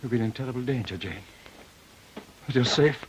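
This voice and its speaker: An actor plays a brooding gentleman master of a manor in a 1950s television drama, his voice at a middle pitch for a man. He talks in a commanding way that turns soft and pleading. A faint hiss runs under the old recording. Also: normal speed, natural voice, poor audio. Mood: earnest. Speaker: employer.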